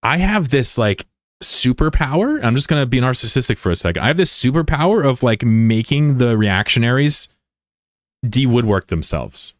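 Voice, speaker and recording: An American livestreamer chats casually with viewers, blunt and swearing often, and gets argumentative when answering critics in the chat. His medium-pitched voice is expressive at a moderate pace, captured in a dry, clean studio recording.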